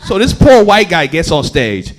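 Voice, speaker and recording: Lively, animated stand-up comic man. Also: normal speed. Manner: animated, swings from loud bursts to low asides. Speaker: stand-up comedian. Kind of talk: stand-up storytelling. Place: comedy club stage.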